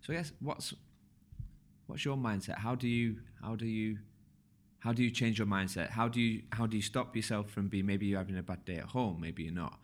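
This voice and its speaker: Relaxed podcast host, lowish voice. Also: male voice. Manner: relaxed, slurs words when talking fast. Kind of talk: casual podcast conversation.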